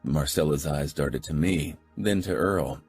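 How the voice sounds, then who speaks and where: A male narrator reads a first-person audiobook in a steady, low-key manner. His voice is very deep and husky. Faint music sits under the narration. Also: measured pace.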